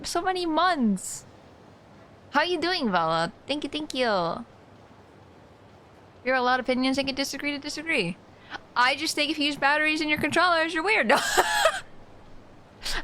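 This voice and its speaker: A woman's voice: a little high, moderate pace, pushed and bright, a little hiss or hum. A woman streaming a game live, chatting casually in a passionate way and laughing often. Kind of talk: casual live-stream chat while gaming.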